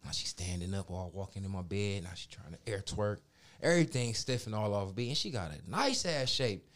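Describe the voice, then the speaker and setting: A man telling a story in casual podcast chat, profane and animated, acting out the people he quotes. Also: fairly low pitch, a little fast.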